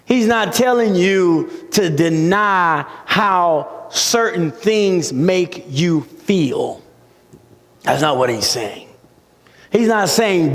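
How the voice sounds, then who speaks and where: A man preaching a sermon in a dramatic style, with his voice rising to shouts at the peaks. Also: high voice, expressive, drawn-out words. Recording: long reverb of a large hall.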